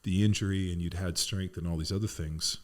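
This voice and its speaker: A man's voice: low-pitched, steady tone, brisk. A middle-aged man hosting a podcast, talking in a loose, rambling way with fillers and casual swearing. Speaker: podcast host and strength coach.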